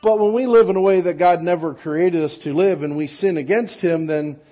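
A man's voice: high voice, normal speed, highs cut off. A pastor in a church giving a casual children's sermon, asking the kids questions as he goes. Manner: casual, conversational, with rhetorical tag questions.

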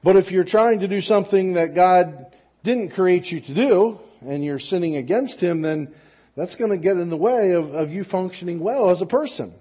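A man's voice: high-pitched, moderate pace, husky, muffled recording. A pastor in a church giving a casual children's sermon, asking the kids questions as he goes. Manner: casual, conversational, with rhetorical tag questions.

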